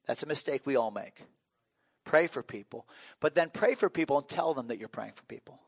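A man's voice: medium pitch, lively intonation, fairly quick, creaky, breathy edge, no room sound. Joking, rambling middle-aged male pastor. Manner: conversational, humorous storytelling with restarts. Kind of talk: sermon.

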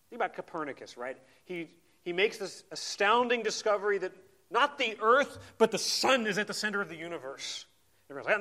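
A man preaching a sermon in a conversational, animated way, often repeating words as he goes. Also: a little high.

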